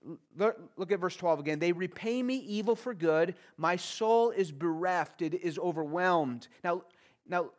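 Man, pastor, sermon, high voice, unhurried delivery, earnest rising pleas. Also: expressive. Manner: reads scripture then explains it, voice rising in earnest pleas.

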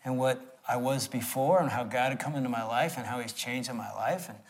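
A man in his sixties preaching through a personal story, acting it out with swings from loud to hushed. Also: medium pitch, fairly quick. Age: 60s. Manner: animated, acts out the scenes with swings between loud and hushed. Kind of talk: storytelling sermon.

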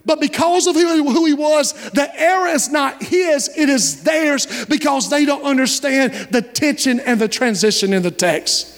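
Brief: thirties male pastor, very high voice, folksy animated sermon, long church echo. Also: moderate pace, few pauses. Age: 30s. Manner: folksy storytelling preacher, animated, asks listeners directly.

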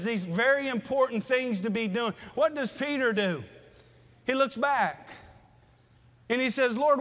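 A male pastor with an extremely high, pushed, bright voice preaches a sermon in church. He earnestly poses questions to his listeners in a plain-spoken way, and the hall's long reverb trails his words.

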